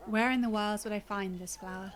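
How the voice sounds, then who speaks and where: A woman's voice: mid-range voice, steady tone, fairly quick. A woman streaming a video game, chatting casually and joking sarcastically at the screen. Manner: playful, giggly, sarcastic. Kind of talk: casual gameplay commentary.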